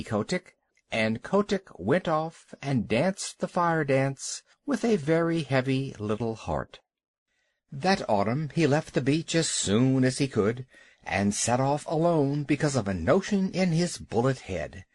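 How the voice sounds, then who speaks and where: Male audiobook narrator, lively expressive reading, dry close studio sound. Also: mid-range voice, measured pace, no echo. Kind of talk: scripted storybook narration.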